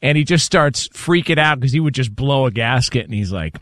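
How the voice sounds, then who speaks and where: A man hosting a sports radio show in a loose, casual chat, spinning stories and breaking into laughter. He talks at an everyday middle pitch and often restarts his sentences. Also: expressive, normal speed, fairly bright tone.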